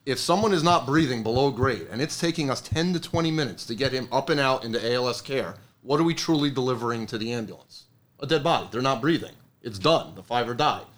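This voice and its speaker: A man's voice: medium pitch, quick pace, fairly bright tone. A man in casual conversation about rescue training, blunt and emphatic, swearing in passing.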